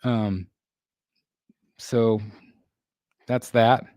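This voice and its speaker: This livestream host has a mid-range, slightly mellow voice and fairly even intonation, recorded with no echo at studio quality. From a home room being built, he reads viewer comments in a halting, casual way, restarting often, using many fillers and laughing frequently.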